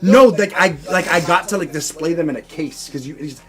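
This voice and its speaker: On a podcast, a male co-host rambles through casual stories, stuffing them with "like" and acting out the voices of the people involved. His voice is a little high and a little fast. Music plays in the background.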